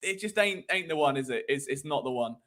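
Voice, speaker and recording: A man hosts a live sports talk stream, and his voice sits high for a man. He talks in an animated, sarcastic way and often wanders off on tangents. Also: brisk. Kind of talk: live sports commentary chat.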